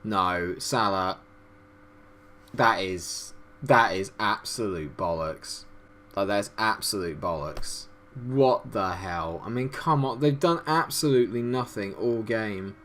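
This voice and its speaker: A young man with a lowish voice talks over his football management game in a casual let's-play. He reacts loudly, swearing at missed chances and chatting through his plans. A faint hum sits under the voice. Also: slow pace. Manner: excitable, swearing, frustrated outbursts. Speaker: gaming YouTuber.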